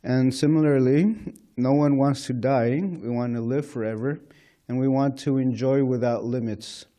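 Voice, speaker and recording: A man's voice: mid-range voice, steady tone, moderate pace, warm tone. A man giving an informal scripture class at a temple, talking conversationally with frequent "you know" and chuckles. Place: temple lecture hall.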